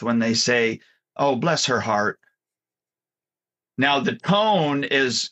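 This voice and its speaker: A man's voice: medium pitch, pushed and bright. A man co-hosting a casual talk about kids and habits, telling stories and often correcting himself. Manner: rambling storyteller, self-correcting. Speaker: podcast co-host, martial arts instructor. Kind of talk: casual chat.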